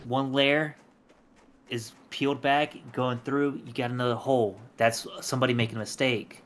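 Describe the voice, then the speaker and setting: A man co-hosting a gaming stream, speaking in a measured, explanatory way and working through his points with analogies. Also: medium pitch, fairly even intonation, fairly bright tone. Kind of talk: casual chat while gaming.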